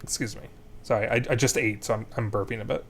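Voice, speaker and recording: A man's voice: medium pitch, fairly even intonation, quick pace, vocal fry, slight background noise. A young adult man streaming a game, recapping the story and planning his next moves aloud as he plays. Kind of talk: gameplay commentary.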